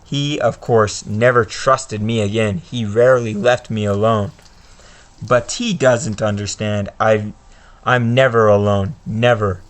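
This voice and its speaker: A man reading out the lines of a smug, scheming male teacher villain from a game, at a slow pace. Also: on the low side, steady tone, lightly acted. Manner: reads game dialogue aloud slowly.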